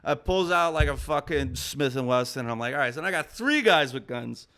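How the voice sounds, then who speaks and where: A man's voice: mid-range voice, animated, brisk, sharp tone. A man as a podcast guest, telling a long story casually with lots of swearing and fillers. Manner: rambling, profane, heavy on "I'm like" and fillers.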